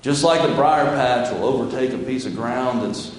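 A man's voice: medium pitch, normal speed. A man preaching a sermon as pastor of his church, folksy and conversational, reading scripture aloud between his own remarks. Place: church sanctuary. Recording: very echoey church hall with long reverb.

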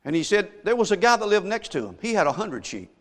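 A male pastor preaching a sermon, telling a story and swinging from hushed asides to shouted emphasis. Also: sits high, sing-song, fast talker. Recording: long echo of a large hall.

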